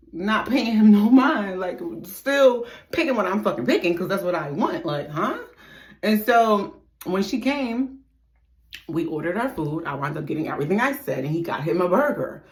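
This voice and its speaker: Animated young woman in an echoey room. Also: lowish voice. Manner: animated, profane, swings between loud exclamations and hushed asides. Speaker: storytime vlogger. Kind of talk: casual storytelling.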